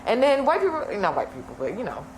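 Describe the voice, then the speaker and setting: A woman's voice: medium pitch, wildly swooping pitch, fast talker. A woman co-hosting a casual podcast discussion, emphatic and repeating phrases for effect. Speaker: podcast co-host. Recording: echoey room with faint hiss.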